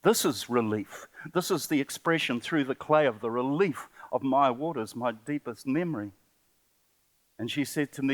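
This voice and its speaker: Older Kiwi man, mid-range voice, telling a heartfelt story at a seminar, halting and emotional. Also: mid-range voice. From New Zealand. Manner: emotional, halting, earnest, with rising bursts. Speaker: poet and sculptor giving a talk. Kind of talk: impassioned personal storytelling speech. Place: conference seminar venue.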